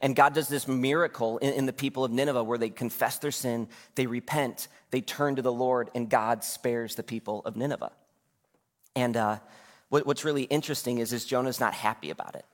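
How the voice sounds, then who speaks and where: A man's voice: mid-range voice, fairly even intonation, fairly quick. A man in his thirties preaching a sermon in a church, talking conversationally and asking the congregation questions. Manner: conversational, asks the congregation questions, acts out quotes. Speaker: pastor. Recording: long hall reverb.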